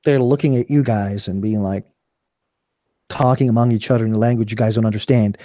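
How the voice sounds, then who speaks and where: A man's voice: lowish voice, steady tone, brisk, dark tone, dry recording. A young man running a tabletop role-playing game, narrating casually with lots of fillers. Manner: casual, rambling, many fillers. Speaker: game master.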